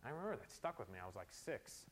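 A middle-aged man preaching a sermon as a pastor, moving between quiet storytelling asides and forceful exhortations. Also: medium pitch, big pitch swings, fast talker, slight background noise.

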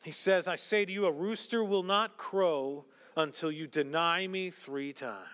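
A man preaching a sermon as pastor, animated, acting out quotes and dropping to hushed whispers. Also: on the high side, unhurried, big-room sound.

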